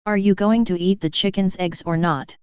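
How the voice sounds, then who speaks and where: A woman voicing a calm, practical young man in a read-aloud story, in a clear, even voice. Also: medium pitch, normal speed, dry recording, natural voice. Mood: puzzled.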